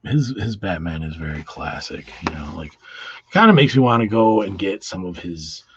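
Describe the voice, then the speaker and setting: A man's voice: sits low, lively intonation, moderate pace, a little hiss or hum. A man casually reviewing comic books in a rambling, profane way with many restarts. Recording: dull lo-fi sound.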